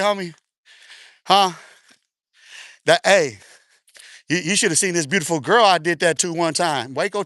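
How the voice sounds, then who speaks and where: Walking outdoors during a livestream, a male host is audibly out of breath from the exercise as he chats casually. His high voice is sharp and bright, recorded dry and close with no echo. He taunts and needles viewers in loose slang and keeps breaking into laughter.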